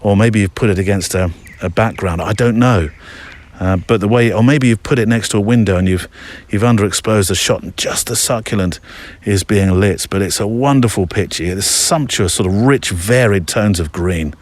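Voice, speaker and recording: A man's voice: fairly low pitch, moderate pace. A middle-aged man hosting a podcast alone, talking casually and rambling with frequent restarts while out on a walk among trees. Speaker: podcast host. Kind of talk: casual solo podcast monologue.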